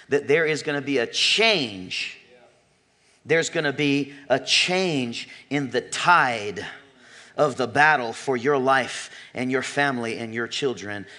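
A man pastor preaching a sermon in church, emphatic, swinging from quiet asides to near-shouts and slowing down for stress. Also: medium pitch. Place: church sanctuary.

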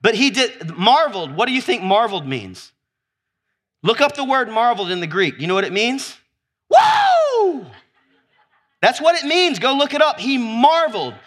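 A man delivers an animated sermon in a high, bright voice that swoops up and down. He calls out to his listeners for answers and whoops with delight while acting out scenes. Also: a little fast. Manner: exuberant, acts out scenes with whoops and laughter. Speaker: preacher. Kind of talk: animated sermon with audience call-and-response.

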